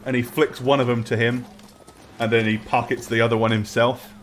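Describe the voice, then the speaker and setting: A man narrating as dungeon master in a casual, halting way. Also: medium pitch, level tone. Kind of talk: narrating a tabletop game.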